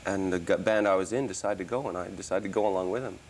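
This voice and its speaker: This Australian-born musician and actor, now in his thirties, talks quickly in a low voice against slight background noise. As an interview guest he rambles casually and restarts often, his accent largely American but still carrying hints of Australian.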